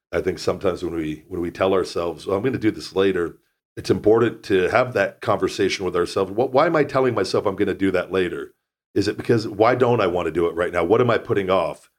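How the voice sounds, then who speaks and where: A man hosting a podcast, giving a blunt, rambling motivational talk with casual swearing. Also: low-pitched. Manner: blunt, profane, rambling with restarts. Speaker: podcast host.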